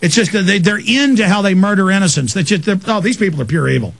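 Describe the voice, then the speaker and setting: A man's voice: high-pitched, animated, fast, gravelly, a bit bright, no room sound. A man hosting talk radio, ranting in a fiery torrent of accusations. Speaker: radio host.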